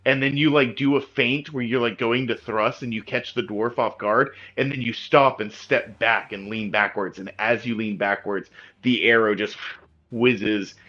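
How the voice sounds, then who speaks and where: A man's voice: mid-range voice, fairly even intonation, moderate pace, sharp tone, muffled recording. A man narrating as game master of a tabletop game, with a loose descriptive style full of "like" fillers.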